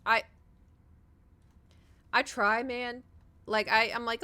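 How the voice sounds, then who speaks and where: A woman's voice: on the high side, unhurried, long pauses, smooth. A woman streamer chatting casually while she plays, rambling and swearing as she tells stories. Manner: rambling, profane, animated storytelling. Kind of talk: casual chat while gaming.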